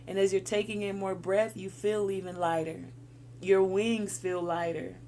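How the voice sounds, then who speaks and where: A woman's voice: medium pitch, little pitch movement, measured pace, dark tone, a little hiss or hum. A woman giving a spiritual encouragement talk, coaching listeners through breathing exercises. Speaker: spiritual guide.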